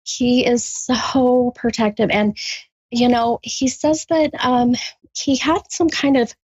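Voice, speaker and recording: A woman doing a psychic reading for a caller, halting with many ums, then bursting into gushing excitement. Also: on the high side, slightly rough, no echo, lo-fi sound. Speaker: psychic medium. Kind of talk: live spirit reading with a caller.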